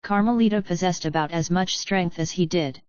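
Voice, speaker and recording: A woman narrates a fantasy audiobook at an even, unhurried pace, her voice low and smooth. The recording is dry and close, with a slightly dull, lo-fi tone. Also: no echo.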